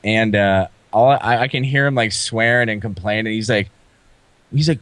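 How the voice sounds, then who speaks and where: A man's voice: lowish voice, normal speed, a bit bright, smooth, no echo. A man from Wisconsin, a podcast guest, telling a profane story in casual chat and laughing as he goes.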